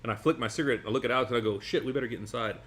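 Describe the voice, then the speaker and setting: A man in his forties, a magician guest telling a long story over a meal in an animated, rambling way with laughs between phrases. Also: mid-range voice, rapid-fire, a little hiss or hum. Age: 40s.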